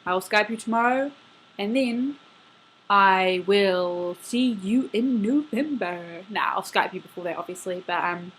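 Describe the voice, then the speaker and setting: A woman's voice: medium pitch, a little slow, fairly bright tone, slight background noise. Chatty eighteen-year-old girl rambling. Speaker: vlogger messaging her best friend. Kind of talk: casual video message. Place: her bedroom at home.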